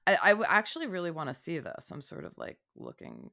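A woman co-hosting a casual chat, asking curious questions with halting restarts. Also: low-pitched, wildly swooping pitch, vocal fry, pushed and bright. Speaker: co-host.

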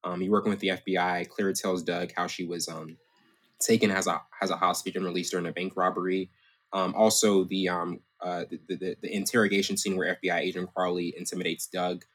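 Low voiced guy hosting a movie chat, halting, trips over the same word again and again. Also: flat delivery, fairly bright tone. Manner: halting, stumbles over repeated words. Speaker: podcast host. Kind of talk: casual movie review chat.

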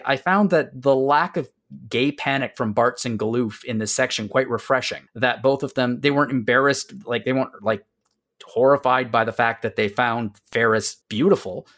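A chatty man recapping a game. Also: mid-range voice. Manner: halting, many fillers and restarts, drops to quiet asides. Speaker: podcast host. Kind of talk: casual game discussion, recapping a story.

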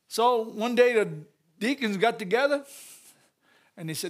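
A man giving a lively church message, telling stories, repeating phrases and laughing often. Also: high-pitched, fairly quick. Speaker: church speaker.

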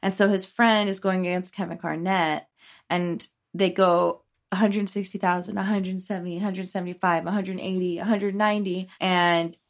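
A woman's voice: fairly low pitch, moderate pace. Chatty woman rambling through a retelling. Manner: rambling, animated retelling with quoted voices and swearing. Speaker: podcast co-host. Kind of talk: casual chat recapping a film.

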